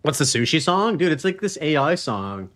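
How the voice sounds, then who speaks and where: A man's voice: on the high side, sing-song, normal speed, a bit bright. A man streaming a video game, chatting casually, joking and laughing often as he reads chat messages aloud.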